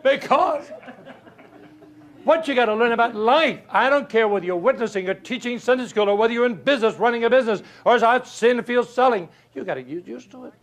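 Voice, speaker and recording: An older man delivers a motivational speech in a very high-pitched voice, talking a little fast. He's animated, spinning folksy stories, chuckling and tossing rhetorical questions at his audience.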